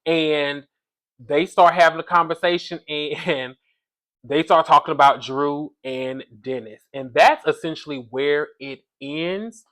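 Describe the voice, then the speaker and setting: A man's voice: fairly high pitch, slow pace, a bit bright. A man hosting a casual reality TV recap, chatty and gossipy, talking straight to his viewers.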